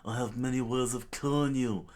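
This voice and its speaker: A man voicing a ruthless, boastful male pirate captain who makes loud, domineering threats. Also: on the low side, steady tone, a little slow, lightly acted. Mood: commanding.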